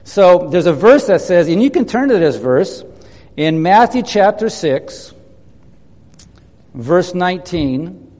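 High-voiced preacher in a reverberant hall. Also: male voice, big pitch swings, darkish tone. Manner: emphatic, slows down on key phrases, leads the congregation in call and response. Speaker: pastor. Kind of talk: sermon. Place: church hall.

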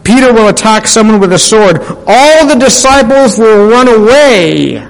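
A man's voice: expressive, unhurried, creaky, long reverb tail, rough recording. A man preaching a sermon, emphatic, rising on key words and asking listeners direct questions. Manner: emphatic, rising on key phrases, drops low at the ends of statements.

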